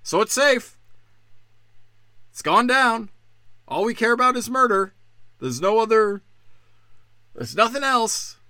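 A man's voice: very high-pitched, lively intonation, takes it slowly, long pauses, pushed and bright, no echo, studio quality. A man hosting a solo podcast, ranting angrily and sarcastically with lots of swearing. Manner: angry, sarcastic, heavy swearing. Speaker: podcast host. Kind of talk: profane solo podcast rant.

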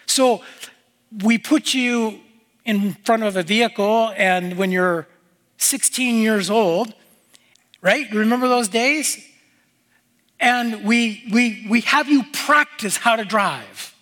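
High-voiced man preaching slowly in a reverberant hall. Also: a bit bright. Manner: earnest preaching with repeated phrases, voice dropping at line ends. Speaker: pastor. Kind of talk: sermon.

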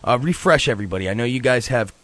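A man's voice: mid-range voice, animated, very fast, fairly bright tone, no room sound. A man hosting a casual radio chat, laid-back and rambling, laughing often between his lines. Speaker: radio show host.

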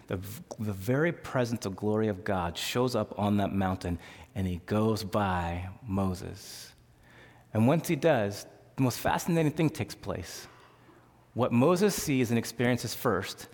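Animated male pastor preaching in a reverberant hall. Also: on the low side. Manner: conversational, animated preaching with restarts. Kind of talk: sermon.

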